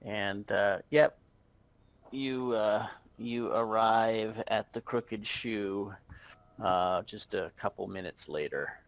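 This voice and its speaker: A man narrating as game master over an online voice call, halting and full of fillers. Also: on the low side, poor audio.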